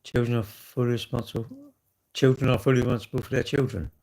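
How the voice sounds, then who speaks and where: A man's voice: mid-range voice, steady tone, fast, gravelly, a little mellow. A man talking in a casual, rambling vlog monologue, full of rhetorical questions. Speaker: vlogger.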